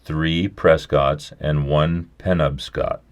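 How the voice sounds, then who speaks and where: A man's voice: a bass voice, steady tone, slow. A man voicing a polished, overly polite reception clerk at heaven's gate in a storybook reading. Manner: smooth, polite and precise, growing weary.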